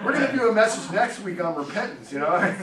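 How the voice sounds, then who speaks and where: Before a loud crowd, a middle-aged pastor talks fast in a high, very animated voice, delivering a chatty, story-filled sermon with frequent laughter. The church sanctuary echoes, the mic sits far away, and faint noise persists.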